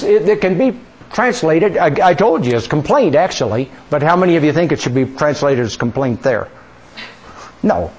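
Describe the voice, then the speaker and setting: A man's voice: fairly high pitch, a little mellow, lo-fi sound. A male pastor preaching a sermon in a church, conversational, with many rhetorical questions. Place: church sanctuary.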